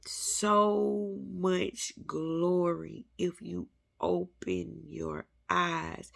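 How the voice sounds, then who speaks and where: Woman, low, earnest spiritual vlogger, intimate and emotional, unhurried delivery. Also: lively intonation, creaky, a bit bright. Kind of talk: heartfelt spiritual talk to viewers.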